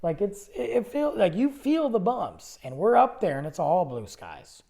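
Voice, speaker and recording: A man hosting a podcast, telling a personal story in a rambling, animated way, often cutting himself off mid-sentence. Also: high voice, normal speed. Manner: rambling, animated, self-interrupting. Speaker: podcast host. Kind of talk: casual storytelling monologue.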